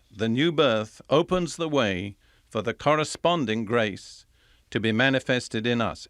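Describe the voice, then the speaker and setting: An older man delivers a recorded sermon, reading scripture with measured emphasis and then unpacking it. His voice sits at an ordinary middle pitch. The sound is close and dry, with no room around it. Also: fairly bright tone, dry recording. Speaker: Bible teacher.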